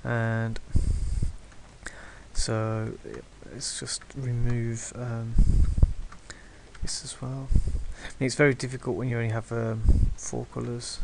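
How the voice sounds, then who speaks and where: A man's voice: mid-range voice, flat delivery, takes it slowly, gravelly, background noise. A man teaching digital painting step by step, hesitant and reassuring, with many ums. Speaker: art tutor.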